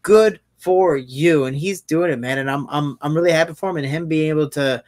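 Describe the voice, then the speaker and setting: Male podcast host with a fairly high voice, lively and profane storyteller. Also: a little fast, dry recording. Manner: animated storyteller, swears freely, many restarts. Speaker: MMA fighter and podcast host. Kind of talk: casual podcast chat.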